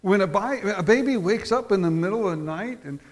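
A man's voice: high voice, animated. A man preaching a sermon as pastor, telling anecdotes and often repeating words as he goes. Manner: tells stories, often repeats words, slows for emphasis.

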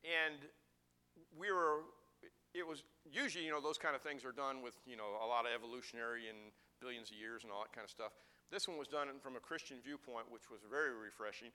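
A middle-aged man preaching a sermon as pastor, building to emphatic declarations and dropping to soft, hushed asides. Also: medium pitch, a little fast, clean tone.

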